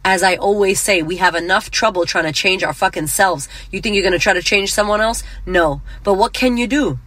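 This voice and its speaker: A woman's voice: mid-range voice, brisk, a bit bright, dry recording. Woman, middle-aged, podcast host; blunt, emphatic, sweary; mid voice, dry sound. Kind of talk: motivational podcast monologue.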